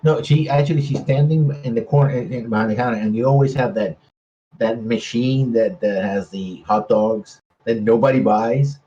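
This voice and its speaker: A man playing in a tabletop game, talking haltingly with many fillers. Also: mid-range voice, mellow. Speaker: player. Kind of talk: tabletop role-play. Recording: muffled lo-fi mic.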